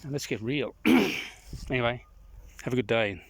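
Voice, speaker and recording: A man recording a casual outdoor vlog, rambling and opinionated, often clearing his throat. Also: medium pitch, moderate pace, fairly bright tone, no room sound. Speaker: vlogger. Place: outdoors in the countryside.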